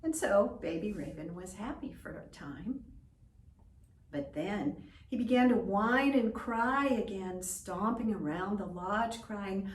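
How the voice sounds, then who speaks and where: A woman telling a folk tale in slow, expressive, drawn-out narration. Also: mid-range voice, a little hiss or hum. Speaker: storyteller. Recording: roomy echo, distant from mic.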